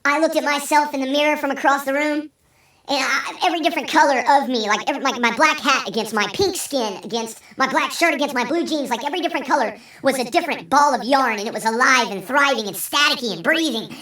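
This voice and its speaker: High, bright-voiced woman telling wild stories. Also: fast. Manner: animated, profane, rambling. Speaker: vlog host. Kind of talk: storytelling vlog. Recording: roomy sound, distant from mic.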